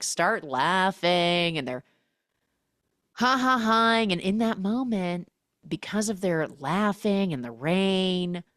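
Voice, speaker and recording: A woman's voice: sits low, no echo, studio quality. A woman hosting a podcast, animatedly recapping a film, acting out the characters' lines and humming the score.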